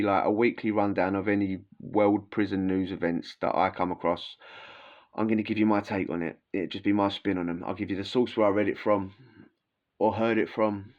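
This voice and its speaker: A man's voice: lowish voice, highs cut off. A man telling stories casually in a rambling, slangy way, full of fillers and asides. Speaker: vlogger recounting prison life. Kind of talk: casual storytelling.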